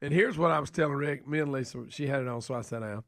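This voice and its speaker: A man's voice: medium pitch, fast, fairly bright tone, no echo, clean studio sound. A man in his sixties co-hosting a talk radio show and telling self-mocking stories with a laugh. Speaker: radio co-host. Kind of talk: casual talk radio banter.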